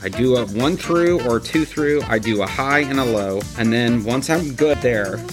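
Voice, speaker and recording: A man's voice: medium pitch, animated, normal speed. A man hosting a podcast in casual chat, blunt and swearing heavily, with music behind him. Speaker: podcast host.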